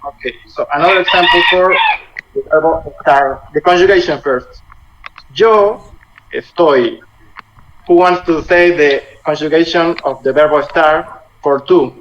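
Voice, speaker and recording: A man with a Latin American Spanish accent teaches a lesson over a video call, patiently explaining grammar in simple English. His voice sits a bit high for a man. The audio is muffled, with a faint hiss behind it. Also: a little slow, fairly bright tone. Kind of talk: online language lesson.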